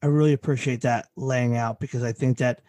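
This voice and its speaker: Casting man, mid pitch, reflective host, stumbles and restarts, dry sound. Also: fairly even intonation, mellow, no room sound. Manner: thoughtful, halting restarts, casual swearing. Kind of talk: casual chat.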